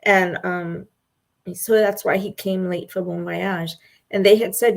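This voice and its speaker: A woman co-hosting a casual chat, telling stories in a gushing, animated way and laughing often. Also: medium pitch, measured pace, creaky. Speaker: co-host.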